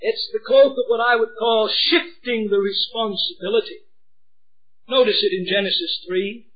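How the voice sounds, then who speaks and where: A middle-aged man preaching a sermon, swinging from hushed pleading to shouting. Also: high voice, steady tone, moderate pace, dull audio.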